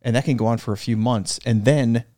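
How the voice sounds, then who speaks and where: A man's voice: medium pitch, steady tone, brisk, mellow, dry recording, clean studio sound. A man hosting a casual interview, chatting easily and steering the conversation. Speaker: podcast host.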